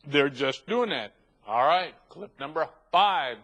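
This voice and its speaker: A man's voice: on the high side, expressive, slow pace, bright, forceful tone, dull audio. A man hosting a talk show, delivering emphatic, ranting commentary and stacking long lists.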